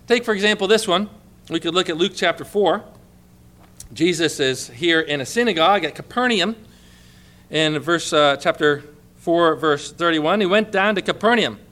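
Guy preaching a sermon, high bright voice, gets loud and emphatic. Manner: emphatic preaching, reads scripture aloud with rising intensity. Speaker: pastor.

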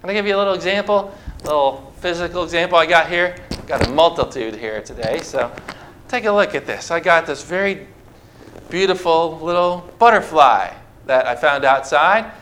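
A man's voice: on the high side, animated, moderate pace, a bit bright, a little hiss or hum. A man preaching a sermon to a congregation, asking rhetorical questions and talking them through simple object lessons. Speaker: pastor. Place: church before a congregation.

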